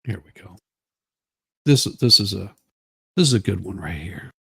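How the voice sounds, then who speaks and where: A male host giving relaxed, casual commentary between clips. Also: deep voice, moderate pace, vocal fry, husky, no room sound, clean studio sound. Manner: relaxed, chuckling asides.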